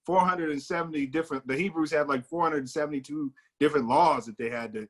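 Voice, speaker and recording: A man's voice: fairly high pitch, fast. An American man in a casual group discussion, explaining his views earnestly and at length. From United States. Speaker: discussion participant.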